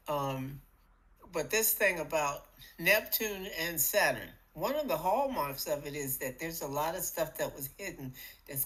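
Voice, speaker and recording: A middle-aged woman co-hosting a podcast, talking casually about spiritual matters in an animated, playful way that acts out little voices. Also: sits low, rough recording. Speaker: podcast co-host.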